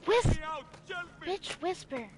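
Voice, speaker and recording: A woman streaming a video game live, talking back to the characters loudly and cursing freely. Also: very high-pitched, very animated, slow pace, background noise. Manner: loud, profane, talks back to the game. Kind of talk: live gaming commentary.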